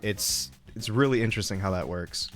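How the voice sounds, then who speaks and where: Rambling, low-voiced young streamer guy. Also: moderate pace, over music. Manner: rambling, lots of fillers and laughs. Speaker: game streamer. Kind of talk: casual chat while playing.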